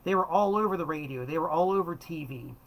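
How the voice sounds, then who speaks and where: An enthusiastic man in his fifties, from South Florida, talks through records in a loose, wandering monologue. His voice sits a little high for a man, and he often stops to correct himself. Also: fast talker, low-quality recording. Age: 50s. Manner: rambling and enthusiastic, self-correcting. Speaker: host. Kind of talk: casual monologue about records.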